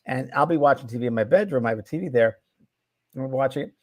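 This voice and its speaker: A man co-hosting a casual chat, rambling in a relaxed way with plenty of ums. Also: mid-range voice, fast, dry recording. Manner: relaxed, rambling, full of filler words. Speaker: co-host, psychic medium.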